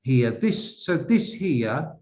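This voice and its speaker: Male IELTS examiner, unhurried, hesitant delivery, teacherly questions to the class. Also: mid-range voice, sing-song. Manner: slow, hesitant, questions to viewers. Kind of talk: classroom-style essay correction.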